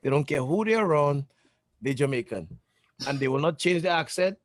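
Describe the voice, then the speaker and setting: A man talks in an animated, casual way and keeps firing off rhetorical questions. His voice sits a little high for a man. The sound is dry and close, with no room in it. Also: normal speed, dry recording. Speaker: podcast co-host. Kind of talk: casual chat.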